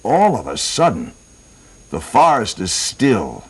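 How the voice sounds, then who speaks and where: A man spins a long comic story and keeps laughing at his own jokes. His voice is very deep but animated, jumping around widely in pitch as he builds up the gags. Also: slow pace, slightly rough, low-quality recording. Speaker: joke teller.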